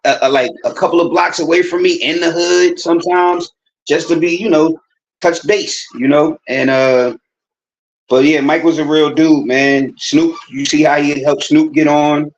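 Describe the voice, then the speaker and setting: A man's voice: fairly high pitch, fairly even intonation, normal speed, slight background noise. A man chatting casually as an interview guest, laid-back and rambling. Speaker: actor guest. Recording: dull lo-fi sound.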